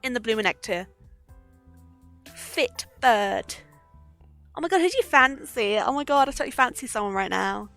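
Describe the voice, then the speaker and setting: A woman's voice: on the high side, lively intonation, moderate pace, vocal fry, pauses often, fairly bright tone, faint music behind. A young woman chatting casually on a livestream, giggly and swearing freely. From Britain. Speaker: streamer.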